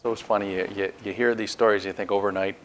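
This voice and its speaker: A man's voice: on the low side, steady tone, fast talker, a little hiss or hum. A man interviewing a guest, explaining lessons to an audience in a teacherly way. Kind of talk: interview questions and commentary.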